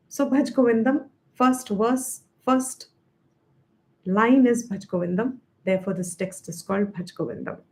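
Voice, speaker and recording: A woman teacher leads a Vedanta study session. Her voice sits a little high, and she explains Sanskrit terms patiently as she tells the story behind the text. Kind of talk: spiritual study lesson.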